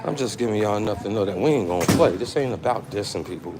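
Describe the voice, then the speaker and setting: Fast and lively, with a voice on the low side, a man films a casual vlog on a handheld phone while moving through his workplace. He hops from topic to topic in streetwise slang, and heavy background noise fills the audio.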